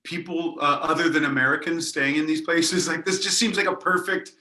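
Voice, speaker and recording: Brief: bright-voiced teasing panelist, echoey room sound. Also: medium pitch. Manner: teasing questions and quick jokes. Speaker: podcast panelist. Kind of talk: casual comic banter.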